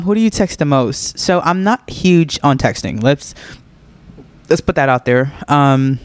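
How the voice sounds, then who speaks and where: A man's voice: medium pitch, big pitch swings, measured pace. A laid-back young man hosting a podcast, chatting casually and answering listener questions, laughing often and leaning on filler words. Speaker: podcast host.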